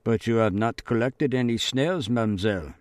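A man's voice: medium pitch, fairly quick, a little mellow, dry recording, lightly acted. A man voicing a menacing German sergeant major who questions in a cold, insistent way.

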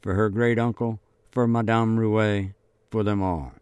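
Slow, low-voiced male audiobook narrator. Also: steady tone, darkish tone, clear, resonant tone, no echo. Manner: measured, deliberate reading.

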